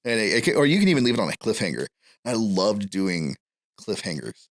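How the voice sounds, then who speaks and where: A man's voice: fairly low pitch, very animated, fairly quick. A young adult man, a podcast guest, talking in a rambling casual way about his film school days. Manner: rambling, many fillers and restarts. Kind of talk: casual chat.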